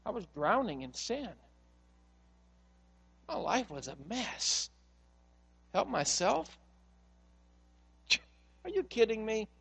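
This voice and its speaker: A pastor in a sanctuary delivers his sermon with a fairly high voice. He tells stories with animation and acts out the voices in them. Long reverb from the hall trails his words. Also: sing-song, slow pace, creaky, long pauses, a bit bright, husky.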